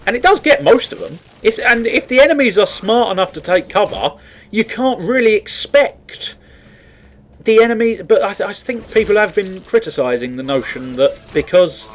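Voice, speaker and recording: A man's voice: high voice, lively intonation, normal speed. A man giving casual, rambling commentary while playing a game, swearing freely and laughing at himself. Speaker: gaming commentator.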